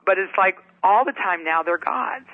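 A middle-aged woman, a book author, telling personal stories as a guest in an interview, lively and animated. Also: mid-range voice, moderate pace, no echo. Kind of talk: interview storytelling. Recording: tinny phone-like sound.

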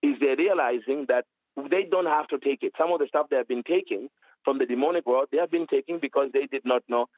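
A man minister telling a lively testimony in an interview, acting out quoted dialogue as he goes. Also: medium pitch, fast, dry recording, narrow, tinny audio. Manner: animated storytelling with quoted dialogue. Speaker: minister, author.

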